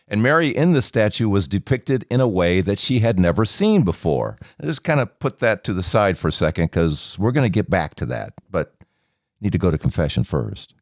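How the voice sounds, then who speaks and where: Male podcast host, very deep, lively intonation, dry close mic. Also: moderate pace, no echo. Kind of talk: interview podcast narration and chat.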